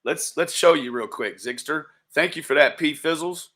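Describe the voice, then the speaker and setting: A man's voice: on the high side, normal speed, pushed and bright. A man hosting a livestream, talking casually, profane and taunting, calling out to viewers by nickname. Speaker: livestream host.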